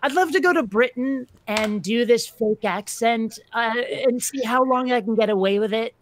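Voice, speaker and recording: A woman hosting a live stream in casual chat, rambling and quick to laugh. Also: on the high side, dry recording.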